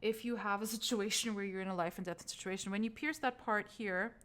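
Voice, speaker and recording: This trauma healing instructor talks fairly quickly in a mid-range voice as she gives a recorded course lecture on brain anatomy. She keeps the tone easygoing and chatty, laughing whenever she slips up.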